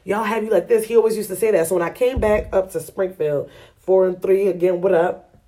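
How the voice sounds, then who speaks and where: A woman hosting a podcast, telling a story in a casual, slangy and animated way, often laughing. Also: mid-range voice, a little fast. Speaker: podcast host.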